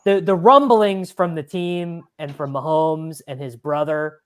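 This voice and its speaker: A man talking fantasy football on a casual podcast, animated and rambling with lots of fillers. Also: a little high, measured pace, smooth.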